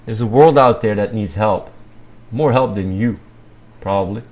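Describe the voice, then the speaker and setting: Rambling, blunt man with a low voice. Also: normal speed, darkish tone. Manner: rambling, repetitive, lots of filler and restarts; blunt, swears casually. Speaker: livestream host. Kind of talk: casual livestream monologue.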